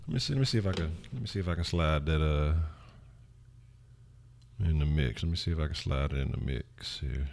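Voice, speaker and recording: Male streamer with a Houston accent, extremely low pitch, casual and profane, chatty sports talk. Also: brisk, gravelly, darkish tone, slight background noise. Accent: Houston, Texas. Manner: slangy, loose, profane, chatty. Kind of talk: casual live reaction stream.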